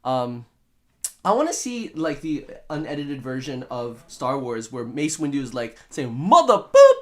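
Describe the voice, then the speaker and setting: A man hosts a casual live stream from his home studio, reading viewer comments and rambling along. He jokes and plays with words, and his pitch bounces around in a lively, animated way. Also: unhurried. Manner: playful, rambling, jokey wordplay.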